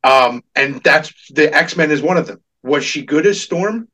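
An animated man giving strong opinions in a loose, laughing way. His voice sits a little high for a man and sounds set back from the microphone, with some distance in the pickup. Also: unhurried. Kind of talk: casual chat.

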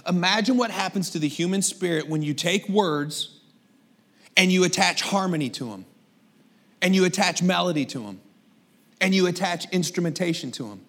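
A man with a high-pitched voice preaches to his congregation. He talks in a lively, conversational way and keeps asking them rhetorical questions. His voice is slightly hoarse, as if he is losing it. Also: moderate pace. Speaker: pastor. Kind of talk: sermon.

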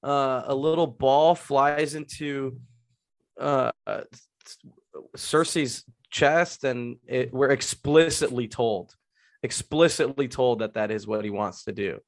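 A man's voice: mid-range voice, fairly even intonation, takes it slowly. A man chatting casually about a movie, his voice sitting in an ordinary middle register. He talks animatedly and swears freely, like someone venting to a friend. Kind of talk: casual movie review chat.

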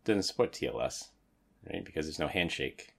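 A man's voice: a bass voice, animated, normal speed, vocal fry. A man co-hosting a podcast, chatting casually about tech and telling anecdotes. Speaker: podcast co-host.

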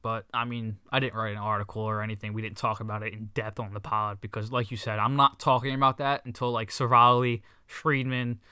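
Bright, crisp-voiced excitable man. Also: fairly low pitch, fairly quick, hardly any pauses, dry recording. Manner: excitable, swears, many restarts. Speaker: podcast co-host. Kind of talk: casual sports podcast chat.

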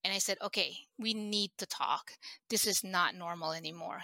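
Middle-aged woman guest, halting and emotional, bright voice. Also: on the low side, creaky, no echo. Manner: halting, emotional, many restarts. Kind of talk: personal storytelling in an interview.

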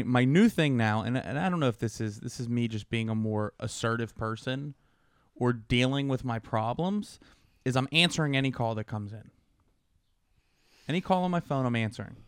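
A man co-hosting a casual podcast, telling stories with lively acted-out dialogue. His voice is smooth and resonant at a mid pitch. The recording is close and dry, with no room sound. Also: normal speed, no echo. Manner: animated storyteller, acts out both sides of a phone call. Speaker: podcast co-host.

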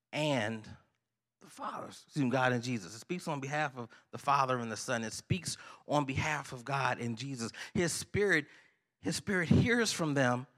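A man's voice: fairly high pitch, fairly bright tone. A man preaching a sermon, asking the congregation to finish his sentences. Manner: preachy call-and-response, asks the congregation to finish lines. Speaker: pastor.

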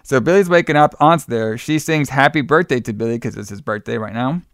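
A man casually recapping a movie plot, rambling and restarting his sentences. His voice is smooth and clean, recorded dry and close. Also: medium pitch, fairly quick, no echo. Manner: rambling, many fillers and restarts.

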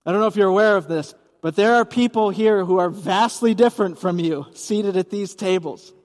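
High-voiced pastor preaching in a gym. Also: male voice, moderate pace, a little mellow, big-room sound. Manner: conversational, asks the audience questions. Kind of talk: sermon. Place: church service in a gymnasium.

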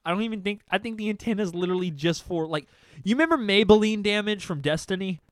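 A man's voice: high voice, fast, no echo. A young man telling a story in casual chat, swearing freely and acting out what people said. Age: young adult. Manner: animated, swearing, acting out quotes.

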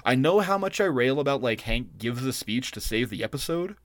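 A man's voice: medium pitch, expressive, fairly quick. A man co-hosting a podcast, ranting and swearing in exasperated casual chat. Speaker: podcast co-host.

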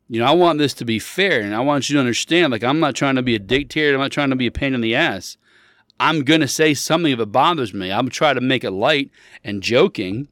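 A man's voice: mid-range voice, quick pace, no echo, studio quality. A man hosting a show, telling a rambling story in a casual chat and often correcting himself mid-sentence. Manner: animated, emphatic when riled up.

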